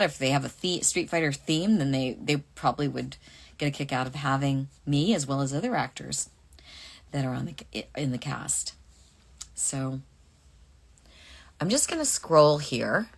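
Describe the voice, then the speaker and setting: A woman's voice: deep voice, gravelly, a bit bright. A middle-aged voice actress casually answering fan questions on a livestream, reading them aloud and musing over her answers.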